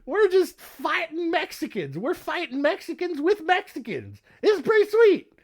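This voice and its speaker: A man's voice: very high-pitched, huge pitch swings, moderate pace, voice pushed up, full character voice. A man voicing a laid-back young male pilot who talks in a breezy dude drawl. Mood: amused.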